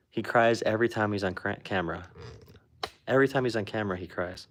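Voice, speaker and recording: A man's voice: on the low side, fast. A man talking politics in a casual, blunt, sarcastic way, with lots of "like" fillers. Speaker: political commentator. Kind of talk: casual chat.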